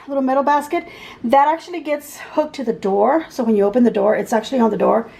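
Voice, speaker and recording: A woman's voice: fairly high pitch, gravelly, darkish tone, rough recording. A middle-aged woman from Texas giving a casual, rambling tour of her kitchen and pantry as a vlogger, often searching for words. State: out of breath. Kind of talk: casual home tour chat. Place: home kitchen.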